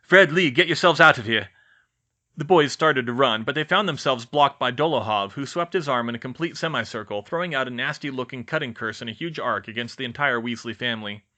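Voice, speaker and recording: A man narrating a fan fiction audiobook in a lively, expressive reading. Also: medium pitch, fast, hardly any pauses. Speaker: audiobook reader.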